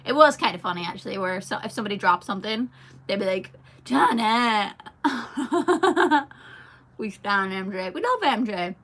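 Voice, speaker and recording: Animated and husky, her medium-pitched voice is a bit bright and moves at a moderate pace. The young Irish singer chats with fans on a live stream, giggling as she reads their comments aloud and answers.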